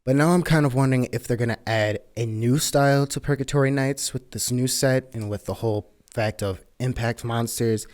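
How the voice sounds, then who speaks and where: A man's voice: mid-range voice, a little fast, hardly any pauses, darkish tone. A man co-hosting a casual card game podcast, wry and joking, with sarcastic asides and mild grumbling. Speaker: co-host.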